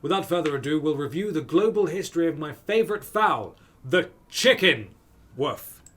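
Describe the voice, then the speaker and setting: Man doing a panting, fussy dog professor, woofing mid-sentence, lively up-and-down voice, game character. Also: a little high, normal speed. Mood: sheepish. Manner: punctuates sentences with a barked woof.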